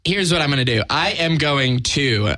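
A man in a mid-range voice that still moves around a lot. He drags out his deadpan punchlines as a comedy podcast panelist. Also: on the high side, moderate pace, soft background music. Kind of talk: casual banter.

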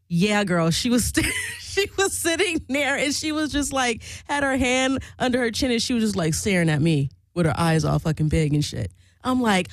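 Woman, casual storyteller, animated and profane, dry close sound. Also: a little high, normal speed, no echo, rough recording.

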